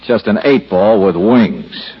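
A wry wisecracking hero, lively voice, dull old radio sound, music under it. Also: male voice, on the low side, slow pace. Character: wisecracking male private troubleshooter. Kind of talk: 1940s radio acting.

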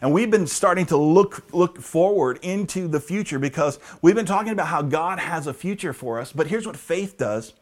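A man preaching a sermon as pastor, emphatic, repeating key phrases and often asking the congregation "right?", slowing down to stress key lines. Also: fairly high pitch, expressive. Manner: slows down for emphasis.

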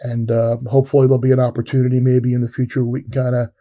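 A man's voice: medium pitch, rapid-fire. A man co-hosting a sports podcast, talking casually with frequent restarts. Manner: relaxed, rambling, frequent restarts. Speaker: podcast co-host.

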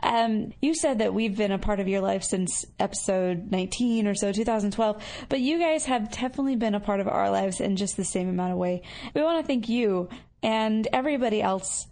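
A woman's voice: mid-range voice, brisk, a little mellow. A woman podcast host chatting casually in reply to listener voicemails, upbeat and full of fillers. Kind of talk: casual chat reading listener messages.

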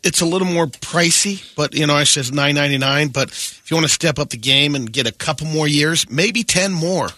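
Co-host guy, a bit high and bright, quick asides, dry studio. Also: no echo. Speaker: radio co-host. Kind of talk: comedic radio banter.

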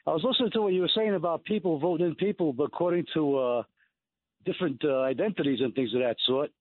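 A man's voice: on the high side, dry recording. A man with a New York accent calling in to a radio show, polite and earnest. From Brooklyn, New York. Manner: polite, earnest, fast-talking. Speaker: caller. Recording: phone line.

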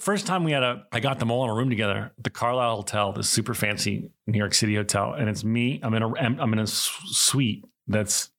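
A middle-aged man, an actor and director, telling stories in a casual interview, animated, with lots of restarts. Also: lowish voice. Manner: animated, with frequent restarts and laughter.

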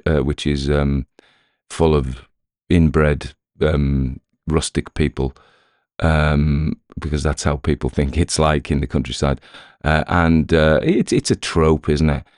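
Deep-voiced British man, rambling chat. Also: a little mellow, dry recording, studio quality. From Britain. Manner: rambling, chatty, wry asides. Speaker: story podcast host. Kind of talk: casual chat after a story reading.

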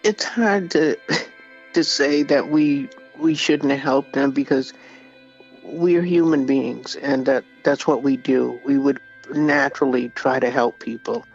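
A man giving reflective interview answers, halting and repeating words as he thinks. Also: medium pitch, steady tone, gravelly, highs cut off, soft background music. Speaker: interviewee, Wampanoag community member.

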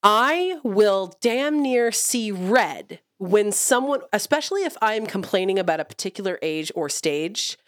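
A woman's voice: medium pitch, lively intonation, a little slow, few pauses, no echo, clean studio sound. A woman co-hosting a casual chat, blunt and emphatic, swearing freely. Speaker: podcast co-host.

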